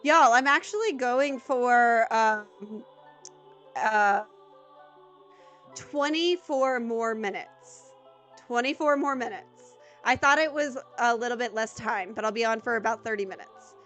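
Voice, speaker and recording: A woman streamer chatting casually while she plays a game. She bursts into excited squeals, then drops to a flat, deadpan voice. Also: moderate pace, faint music behind. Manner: excitable, jumps into high-pitched exclamations, then goes flat and deadpan. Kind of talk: casual live gameplay commentary.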